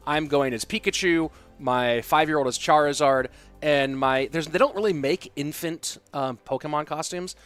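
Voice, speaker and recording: A man in his thirties casting an esports stream, his voice sitting a touch high. He talks in a loose, conversational way and thinks aloud as he answers viewers. Quiet music plays underneath. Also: normal speed, clean tone. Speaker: esports caster. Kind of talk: casual stream chat reading viewer questions.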